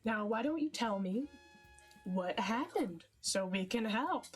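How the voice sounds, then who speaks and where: A woman voicing a stern older elven woman who guards the local children, scolding and suspicious in a halting way. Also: mid-range voice, natural voice. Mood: gentle. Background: background music.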